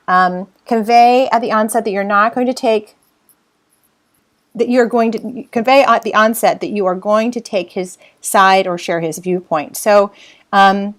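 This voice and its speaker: A woman delivers a training lecture with a slightly high voice. She talks emphatically, repeats words as she works through her points, and acts out the phrases she wants listeners to use. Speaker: customer service trainer.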